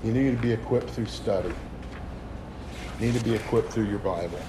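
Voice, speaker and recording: This youth speaker, a man in his forties, has a fairly low voice and a brisk delivery. His testimony sermon to young people is candid and rambling, with frequent restarted sentences, over constant background noise.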